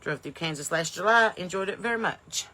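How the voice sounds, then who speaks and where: A woman's voice: on the low side, a little fast, bright, forceful tone. A woman comedian hosting a live stream from her home porch in the evening. She greets viewers in folksy, upbeat bursts and wanders off into rambling asides.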